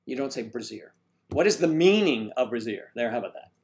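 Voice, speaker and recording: A man's voice: mid-range voice, lively intonation, brisk, darkish tone. An older man hosting a casual livestream chat, reading viewer comments aloud in a jokey, teasing way. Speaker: livestream host.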